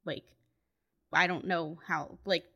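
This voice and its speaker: A woman's voice: on the low side, fairly even intonation, slow pace, sharp tone. A young woman co-hosting a podcast in casual chat, chatty, laughing often and full of fillers. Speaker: podcast co-host.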